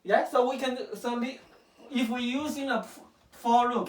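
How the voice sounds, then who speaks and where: A woman's voice: fairly high pitch, fairly even intonation, normal speed. A woman teaching programming to a child at home, patient and questioning, checking often that she is understood. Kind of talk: casual home coding lesson. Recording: echoey room, far from the mic.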